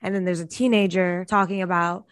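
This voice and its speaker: A woman's voice: lowish voice, fairly even intonation, a little fast, no echo, studio quality. A woman in casual chat, talking in a reflective, chatty way with many fillers, a former teacher.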